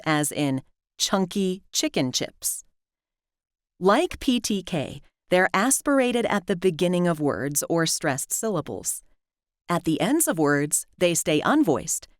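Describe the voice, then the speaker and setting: Slow, deliberate woman teacher. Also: sits low, no room sound, clean studio sound. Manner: clear, deliberate, stretching example words. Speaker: language teacher. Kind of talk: scripted instructional narration.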